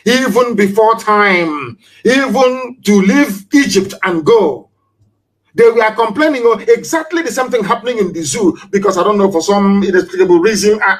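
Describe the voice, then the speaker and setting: High-voiced man, fiery speech. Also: rough recording. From Nigeria. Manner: emphatic, fond of rhetorical questions and repetition. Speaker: political leader giving a live broadcast. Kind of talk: impassioned live broadcast speech.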